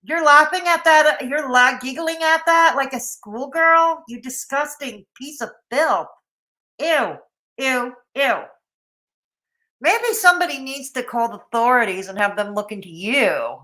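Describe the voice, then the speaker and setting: Woman streamer doing snarky reaction commentary, bright sharp voice. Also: high-pitched, a little slow. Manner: mocking, scolding asides. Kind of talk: sarcastic live reaction commentary.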